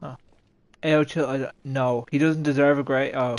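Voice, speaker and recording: A man's voice: medium pitch, steady tone, normal speed. A man streaming a game, chatting casually with friends and bursting into laughs and swearing. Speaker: livestream gamer. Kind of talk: casual gaming stream chat.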